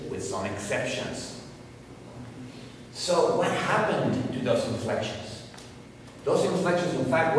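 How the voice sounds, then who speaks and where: A man's voice: mid-range voice, a little hiss or hum. A man giving a university lecture, explaining points emphatically with examples. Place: large lecture hall. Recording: echoey hall recorded from far off.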